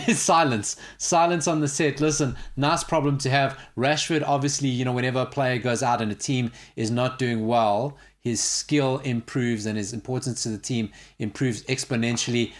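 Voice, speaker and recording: Sarcastic guy hosting sports talk, opinionated, mid-pitch voice. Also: steady tone, normal speed, few pauses. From South Africa. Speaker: sports show host.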